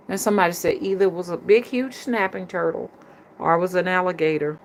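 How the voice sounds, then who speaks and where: A middle-aged woman with a Southern US accent talks to her viewers in a low, earthy voice. She tells her stories in a colloquial, chatty way and keeps calling the audience "y'all." A faint hum of background noise sits under her speech. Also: fairly even intonation, fast talker. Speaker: spiritual reader and rootworker. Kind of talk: casual storytelling to viewers.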